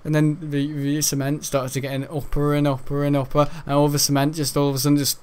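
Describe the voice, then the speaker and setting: A man's voice: on the high side, completely flat delivery, fast talker, a little mellow, clean tone. A young man telling a school story while gaming, laughing often and tripping over his words. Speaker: gaming streamer.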